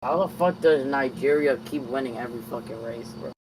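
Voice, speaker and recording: A man's voice: mid-range voice, a little fast, background noise. A man chatting casually with a streamer, laid-back and profane. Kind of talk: casual chat.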